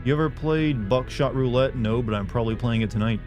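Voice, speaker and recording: A man's voice: mid-range voice, a little fast, a little mellow, soft background music. Joking American man streaming a game. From United States. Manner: joking, chatty, talks to chat while playing. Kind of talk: live gameplay commentary.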